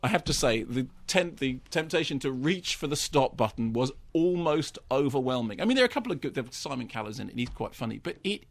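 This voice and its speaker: A man's voice: mid-range voice, sing-song, fast talker, few pauses. A man giving a ranting, mock-indignant film review in casual radio studio chat. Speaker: film critic.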